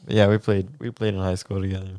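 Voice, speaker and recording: A man's voice: low-pitched, little pitch movement, fast, warm tone, smooth, dry recording, clean studio sound. A young man, co-hosting a podcast and telling a story in casual chat, laughing often and swearing casually. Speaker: podcast co-host.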